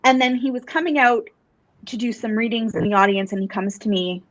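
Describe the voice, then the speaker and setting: A woman guest telling her story in a casual interview, earnest and animated, with many fillers and restarts. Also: a little high, brisk, no echo. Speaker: psychic medium and guest. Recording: dull, dry lo-fi podcast audio.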